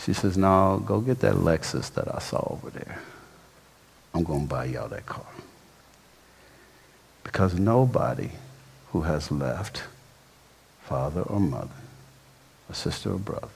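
A pastor tells a story from the pulpit in a loose, slangy, animated way. His voice sits very low with a husky edge, and it rings through a reverberant church hall. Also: normal speed. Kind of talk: sermon storytelling.

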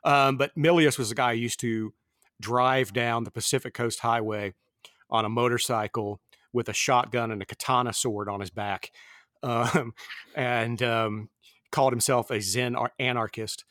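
A man's voice: mid-range voice, fairly even intonation, normal speed, fairly bright tone, no room sound. Dry-sounding fifty-something man. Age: 50s. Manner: rambling, with many fillers and restarts. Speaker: podcast host. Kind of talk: casual film discussion.

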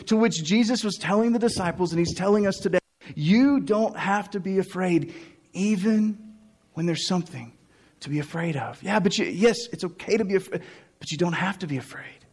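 A male pastor with a noticeably high-pitched voice delivers a sermon. He tells the story with animated energy, acting out characters. He chuckles often and repeats lines for emphasis. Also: moderate pace.

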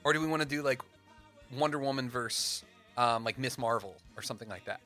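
A young man co-hosting a casual podcast, animated and playful, building up dramatic fan crossover stories. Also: medium pitch, quick pace, faint music behind. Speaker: podcast co-host.

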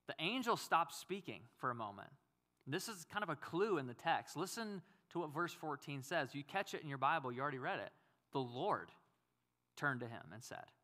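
A man's voice: a little high, lively intonation, a little fast, pushed and bright. A male pastor giving a conversational sermon, acting out quotes and asking the audience questions.

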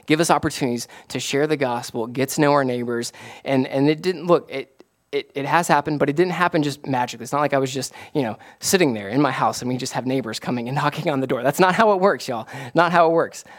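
A man, a pastor, preaching a casual, conversational sermon that rises to excited emphasis. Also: medium pitch. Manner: animated, rising to excited emphasis.

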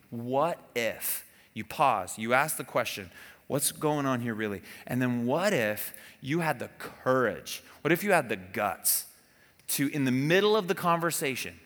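A man preaching a conversational sermon as a pastor, animated and often asking the audience questions. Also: mid-range voice. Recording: long hall reverb.

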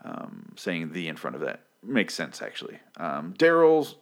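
A man's voice: low-pitched, wildly swooping pitch, measured pace. A man hosting a podcast, recapping a TV episode in a rambling, offhand way with a lot of swearing.

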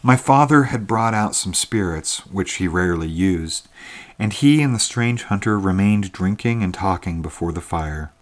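A man narrating a classic tale in a measured, even reading. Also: low-pitched.

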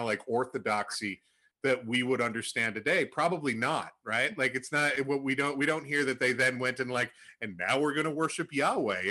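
A young man casually retelling a Bible story to a group, acting out the quotes with animated jumps in his voice. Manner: animated storytelling, acts out quotes with rising pitch. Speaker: Bible study leader.

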